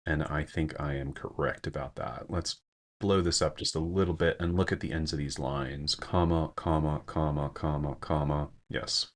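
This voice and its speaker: A man's voice: very deep voice, normal speed. A man giving a screen-share poetry lesson, thinking aloud with frequent fillers and self-corrections. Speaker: teacher.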